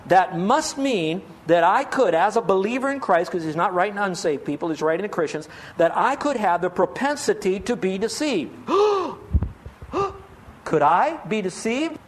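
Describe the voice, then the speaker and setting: High-voiced man preaching a sermon. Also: lively intonation, normal speed, hardly any pauses. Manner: earnest, pleading, asks many rhetorical questions. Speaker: pastor.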